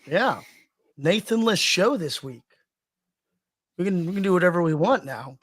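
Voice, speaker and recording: A man with a fairly high voice, co-hosting a podcast in loose, joking chat. He talks casually and keeps restarting his sentences as he goes. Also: expressive, unhurried, breathy edge. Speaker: podcast co-host.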